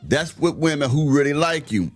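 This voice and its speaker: A man's voice: on the high side, animated, normal speed, soft background music. A man giving a blunt, slangy, preachy commentary rant as the host of a show that reacts to clips.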